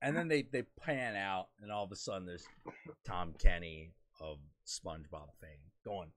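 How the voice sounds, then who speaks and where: A man's voice: low-pitched, moderate pace, fairly bright tone. A man hosting a live stream, chatting crudely and rambling through comedy sketch retellings. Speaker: livestream host. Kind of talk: casual crude chat.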